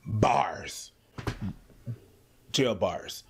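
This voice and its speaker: A man co-hosting a podcast, talking in a casual, animated, slangy way. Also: fairly low pitch, very slow, a little hiss or hum. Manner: animated, slangy, acts out quotes. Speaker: podcast co-host. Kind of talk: casual chat.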